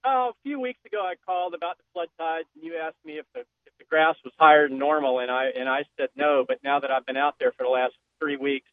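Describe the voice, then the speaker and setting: A man's voice: on the high side, dry recording. A man calling in to a radio fishing show, friendly and owning up to a mistake. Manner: friendly and admits he was wrong. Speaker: caller. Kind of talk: casual radio chat. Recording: tinny phone line.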